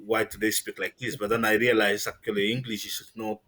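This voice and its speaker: A middle-aged man from Kenya talking as an interview guest, telling stories in a relaxed way with many fillers. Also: lowish voice, brisk. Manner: relaxed storytelling with frequent fillers and laughs. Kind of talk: casual interview chat.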